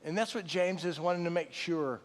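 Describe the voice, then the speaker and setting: A middle-aged man preaching a sermon with conversational storytelling, swinging from loud excited retelling to soft low tones. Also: brisk. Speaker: pastor. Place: church sanctuary. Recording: long reverb of a large hall.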